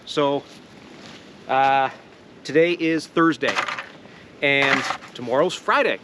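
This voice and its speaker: A man's voice: medium pitch, takes it slowly, noisy background. Rambling Canadian man vlogging outdoors. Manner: rambling, jokey, laughs often, swears casually. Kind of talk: casual outdoor vlog chat. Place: outdoors in the woods at a sap boil.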